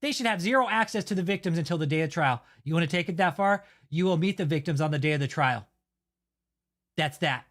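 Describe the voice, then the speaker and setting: A man's voice: a little high, animated, fairly quick, a bit bright. A man hosting his own channel, delivering a heated, heavily profane and blunt rant of commentary. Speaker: channel host. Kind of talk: angry ranting commentary.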